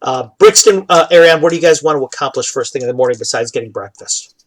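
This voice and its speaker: Relaxed man running a tabletop game. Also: mid-range voice, quick pace, slight background noise, low-quality recording. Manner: relaxed, with many fillers. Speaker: dungeon master. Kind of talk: casual tabletop game narration.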